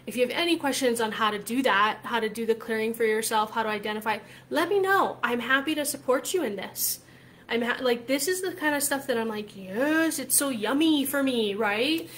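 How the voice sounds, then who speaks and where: A woman's voice: fairly high pitch, expressive, brisk, fairly bright tone, a little hiss or hum. A woman coach talking casually to her viewers, emphatic and chatty, often tagging her points with "right?" and swearing freely. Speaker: spiritual coach. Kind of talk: casual talk to camera.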